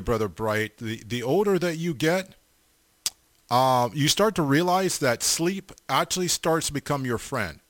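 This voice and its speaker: A middle-aged male radio host ambles through listener greetings at an unhurried pace, his voice bright and forward. He talks in a rambling way, full of fillers and repeated amens. The sound is dry and close, with no room behind it. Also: medium pitch, no room sound. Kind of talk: casual on-air shout-outs to listeners.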